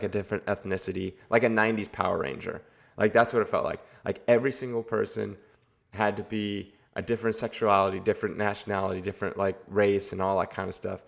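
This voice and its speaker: A man's voice: lowish voice, creaky, fairly bright tone. A man giving a casual, rambling movie review, exasperated and full of filler words. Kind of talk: casual video review rant.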